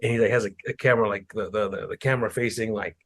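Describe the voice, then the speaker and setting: A young man hosting a podcast in casual chat, telling stories with lively imitations of people. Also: very fast, no echo. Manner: animated storytelling, mimics people in higher voices. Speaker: podcast host.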